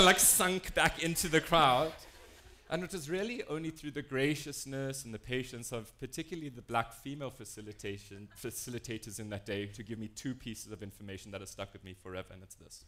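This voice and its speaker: Young South African man, lively self-mocking storyteller, inclusion speaker. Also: a little high, moderate pace, slight background noise. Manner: animated, self-deprecating storyteller with lively shifts in tone. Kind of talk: storytelling talk to an audience.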